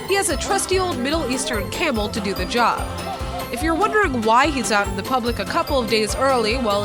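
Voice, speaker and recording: Playful woman over jingling music. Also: a little high. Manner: bright, playful. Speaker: news reporter. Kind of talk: scripted news voice-over. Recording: voice-over with loud music bed. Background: jingle bell music.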